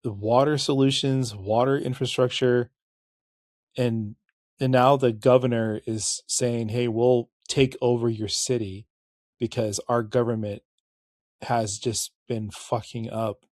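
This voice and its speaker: A middle-aged man rambles candidly through a podcast monologue, restarting sentences and correcting himself as he goes. His pitch sits in an ordinary middle range. The sound is dry and close, with no room around it. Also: steady tone, measured pace, darkish tone, dry recording. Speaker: podcast host. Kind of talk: casual podcast monologue and history narration.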